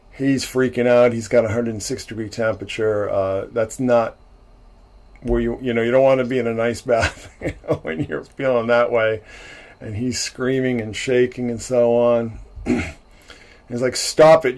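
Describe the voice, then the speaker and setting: Man, livestream host, casual film recap, rambling, restarts, chuckles, mid-pitched. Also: darkish tone. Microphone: livestream mic.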